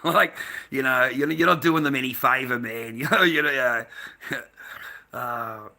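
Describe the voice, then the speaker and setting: Australian man, mask maker, casual profane live-stream rant, bright tense tone. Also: mid-range voice, unhurried, vocal fry. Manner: profane, rambling, laughs often. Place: at home.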